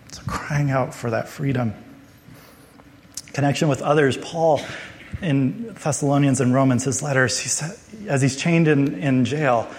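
A young adult man delivers a conversational sermon as a guest speaker, mid-pitched and easygoing. He often acts out prayers in quoted voices. His voice rings with the long reverb of a large hall. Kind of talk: sermon teaching.

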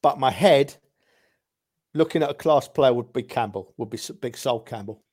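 A man's voice: medium pitch, normal speed, a little mellow, slightly rough. A man in casual chat, reminiscing about favourite players, rambling with chuckles and restarts. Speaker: podcast guest, football fan.

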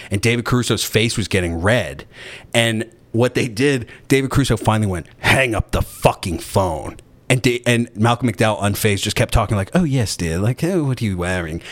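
A man with a lowish voice rambles through an anecdote in casual podcast chat. His delivery is sarcastic and laced with swearing, full of asides and restarts. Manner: sarcastic, profane, rambling storyteller.

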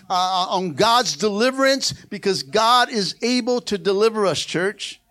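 A man's voice: very high-pitched, pushed and bright. A man preaching a sermon to his church, emphatic, calling for amens and responses. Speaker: pastor.

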